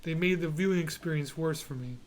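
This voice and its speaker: A podcast host with a New York accent chats casually and tells rambling stories, restarting often. His voice is a little high and his delivery brisk.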